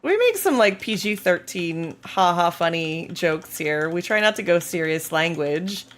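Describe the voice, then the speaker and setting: A woman's voice: fairly low pitch, lively intonation, a little slow. A woman game streamer in casual live-stream chat, bubbly and playful as she talks to her viewers.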